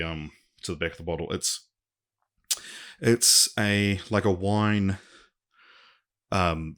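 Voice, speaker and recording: A man's voice: deep voice, a bit bright. A man hosting a podcast alone, chatting casually in a rambling, swearing manner. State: briefly out of breath. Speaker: podcast host. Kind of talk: casual solo podcast chat.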